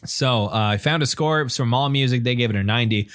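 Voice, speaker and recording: A man's voice: mid-range voice, quick pace, a bit bright, clean tone. A man, co-hosting a podcast in a casual, rambling, profane chat. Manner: rambling, profane, laughs easily. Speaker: podcast co-host.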